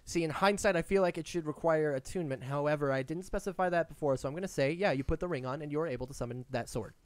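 A man's voice: fairly high pitch, fast, clean tone, no echo. A man narrating as game master of a tabletop game in a casual, easygoing way. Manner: casual, laughs easily.

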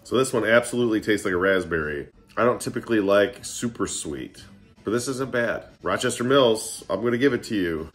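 Soft music plays behind this beer vlogger as he works through a casual tasting in his living room. His lowish voice is expressive and a little fast, and he chats and jokes while getting tipsy, with a slight slur creeping in.

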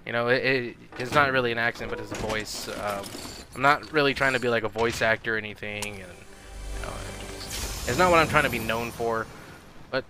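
A man talking casually while livestreaming a game, who stutters and restarts often and squeals when excited. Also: mid-range voice, moderate pace, music in the background. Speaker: gaming streamer. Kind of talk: casual live game commentary. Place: home gaming setup.

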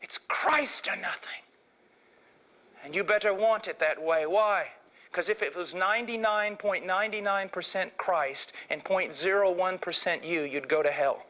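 A middle-aged male preacher with a high voice, delivering an impassioned sermon. He swings from hushed, low lines to ringing shouts. The recording is dull and lo-fi. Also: measured pace.

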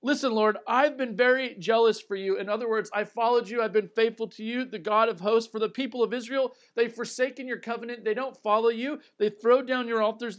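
A man's voice: very high-pitched, a bit bright, voice pushed up. A man voicing the prophet Elijah, a frantic grown man pleading and complaining to God. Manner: pleading, agitated outbursts.

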